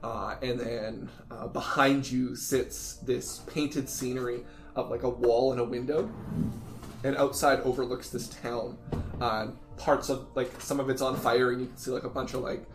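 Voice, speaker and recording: A man running a tabletop game, talking through each scene loosely with plenty of "uh" and "like". His voice sits at an ordinary pitch and carries a roomy echo, with faint music underneath. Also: fairly even intonation, unhurried. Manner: rambling, filler-heavy scene narration. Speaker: game master.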